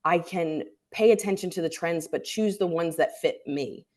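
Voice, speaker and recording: A woman's voice: lowish voice, moderate pace, darkish tone. A female stand-up comedian as a guest, speaking candidly and reflectively in casual conversation. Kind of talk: casual chat.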